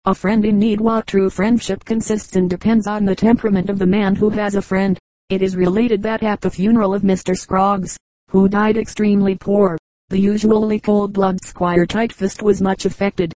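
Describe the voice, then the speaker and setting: A woman reading short humorous anecdotes for an audiobook in a measured way, lightly marking the quoted speakers. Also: mid-range voice, level tone, dark tone, no room sound, low-quality recording. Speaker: audiobook reader.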